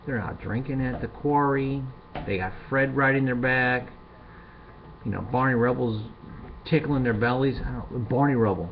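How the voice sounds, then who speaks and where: Gravelly rambling middle-aged man. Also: mid-range voice, normal speed. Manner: rambling, crude and animated, builds to loud rants. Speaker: show host. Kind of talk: comedic monologue. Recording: dull lo-fi sound with faint hiss.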